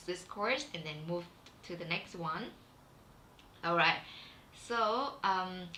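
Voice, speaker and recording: A woman's voice: lowish voice, bright, forceful tone. A woman with a Vietnamese accent teaching a live online class, chatty and full of fillers and restarts. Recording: echoey room with faint background hum.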